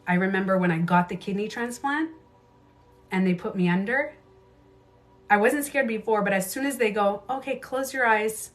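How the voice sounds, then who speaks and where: A woman in her thirties hosting a casual livestream, telling her own stories candidly, swearing freely and jumping into quick asides. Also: mid-range voice, soft background music. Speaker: beauty coach livestream host.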